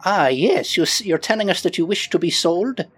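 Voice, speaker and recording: A man voicing a sly, haughty flying male creature in a tabletop game, with a smooth, mock-innocent way of talking. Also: sits high, lively intonation, moderate pace, a bit bright, soft background music, pitched above the performer's own voice, exaggerated voice.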